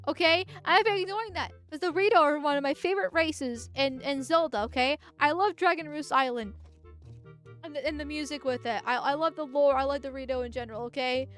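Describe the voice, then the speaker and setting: With a high-pitched, slightly bright voice, a vtuber streamer comments on her game live, rambling and restarting until she erupts in angry, profane outbursts. Soft music plays in the background.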